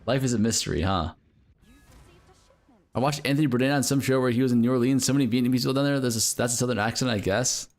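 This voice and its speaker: An American game streamer chats casually with his viewers, rambling along with plenty of fillers, swearing, and laughter. His voice sits in the mid range and he talks fast.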